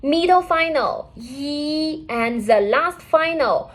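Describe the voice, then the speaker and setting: A woman teaches a beginner pinyin class in a high, bright voice. She speaks slowly and deliberately, saying each point twice. She checks in with "okay?" again and again. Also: lively intonation. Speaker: Chinese language teacher.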